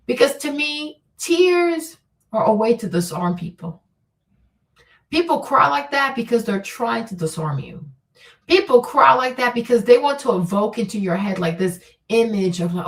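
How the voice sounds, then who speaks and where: Recorded on a distant mic, this vlog host speaks a little slowly in an animated, higher-pitched voice with vocal fry. Her casual commentary is blunt, emphatic, and full of swearing, with frequent "okay?" and "right?".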